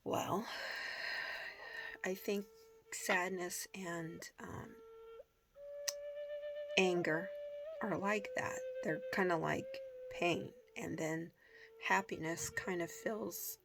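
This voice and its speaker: A woman talking casually to her viewers, rambling with many pauses and filler words, dropping into soft whispers now and then. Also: fairly low pitch, sing-song, creaky, background noise. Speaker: vlogger. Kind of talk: casual talk to camera.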